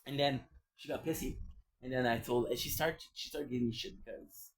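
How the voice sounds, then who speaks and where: A man's voice: medium pitch, fairly even intonation, brisk, rough recording. A man streaming and chatting casually, rambling and repeating himself with plenty of swearing. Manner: swears freely, rambling and repetitive.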